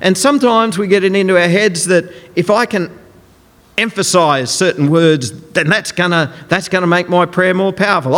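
A man's voice: sits high, normal speed, a bit bright. A man preaching a sermon in a conversational, emphatic way, acting out quotes as he goes. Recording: long hall reverb.

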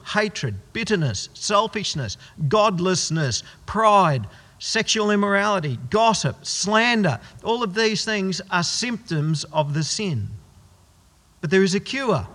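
Animated man preaching in echoey hall. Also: sits high. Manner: emphatic, rhetorical questions answered himself. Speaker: pastor. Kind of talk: sermon. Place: church. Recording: long church hall reverb.

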